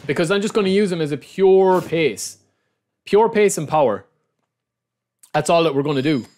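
An excitable Irish man streaming a card-pack opening, his fairly high voice swinging widely in pitch. He talks straight to his viewers and repeats his lines over and over. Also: normal speed. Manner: excitable, repeats phrases, keeps addressing the viewers as lads. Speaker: gaming YouTuber opening card packs. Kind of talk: live-streamed gaming commentary.

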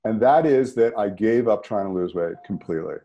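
A man, a podcast guest telling a personal story in a conversational, animated way. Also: on the low side, a little fast, highs cut off. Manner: animated, rises sharply when emphatic.

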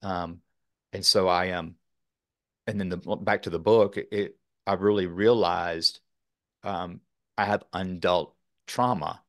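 Man from Texas, very low voice, gravelly, dry close sound, earnest, rambling. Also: steady tone, slow, long pauses, no room sound. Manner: rambling, earnest, many fillers. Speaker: podcast guest. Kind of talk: casual interview talk.

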